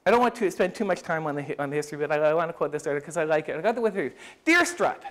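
A man's voice: a little high, very fast. A man giving an academic lecture at a summer school, thinking aloud with frequent restarts and speeding through quoted passages.

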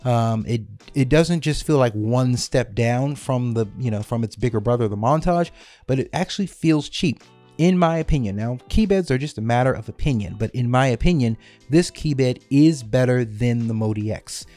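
A man's voice: mid-range voice, lively intonation, normal speed, warm tone, faint music behind. A man talking casually through a detailed product comparison, repeating numbers for emphasis. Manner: conversational, repeats figures for emphasis. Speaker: keyboard reviewer.

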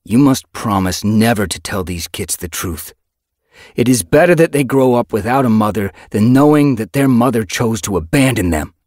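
A man voicing a hurt, angry young tom cat warrior with a sharp, accusing manner. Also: lowish voice, lively intonation, moderate pace, no room sound, studio quality, pitched above the performer's own voice. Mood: cold.

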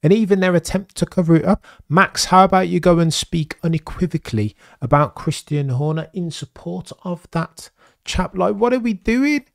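A man's voice: fairly high pitch, moderate pace, vocal fry, no echo, clean studio sound. A young man hosting a live-stream, commenting animatedly with exasperation and stumbling over his words as he reads chat. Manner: animated, exasperated, with frequent stammered restarts. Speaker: livestream host.

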